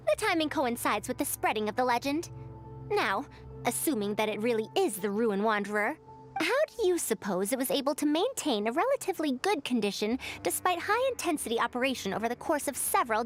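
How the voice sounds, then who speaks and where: An actress playing a proud, sharp-minded female scholar of old machines in a video game, measured, confident and a bit formal. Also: high-pitched, sing-song, faint music behind. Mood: curious.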